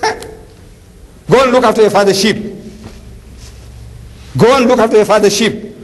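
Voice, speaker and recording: A man's voice: high voice, normal speed, voice pushed up, lightly acted. A man playing a dismissive army commander. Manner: dismissive and scolding.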